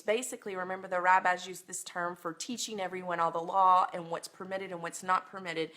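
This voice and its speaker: A woman's voice: fairly low pitch, level tone, brisk, few pauses, sharp tone. A woman teaching a Bible lesson on a phone livestream, earnest and emotional, with many ums.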